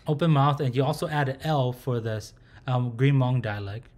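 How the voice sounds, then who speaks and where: A man's voice: medium pitch, moderate pace, a little mellow. A man teaching a recorded language lesson. He speaks patiently, sounds out syllables and repeats them aloud.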